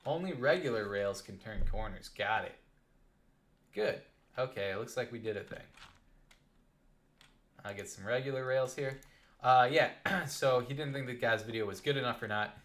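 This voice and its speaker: A young adult man telling a rambling, animated story while playing a game on a live stream. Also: mid-range voice, moderate pace, long pauses.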